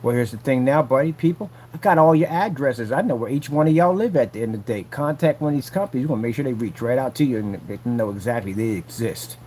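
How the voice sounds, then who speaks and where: A man's voice: mid-range voice, expressive, fast, hardly any pauses, darkish tone, a little hiss or hum. A man vlogging casually from a work site, taunting a rival in a boastful, repetitive way. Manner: taunting, boastful, repeats himself. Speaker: vlogger selling projection screen paint.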